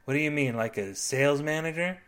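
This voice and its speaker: A tired, patient wife who answers calmly and dryly, as a man reading the story puts her on. Her lines come soft and a bit slow. It is an audio fiction reading with a deadpan comic tone. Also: on the high side, smooth, natural voice. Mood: weary.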